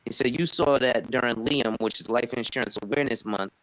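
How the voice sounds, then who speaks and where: A man's voice: mid-range voice, fairly quick, fairly bright tone. A man talking casually on an open panel. He tells stories about his insurance work and acts out conversations in a mid-range voice. The sound is dry and close, with no room echo. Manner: storytelling, acts out quoted conversations. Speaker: insurance agent and panel speaker.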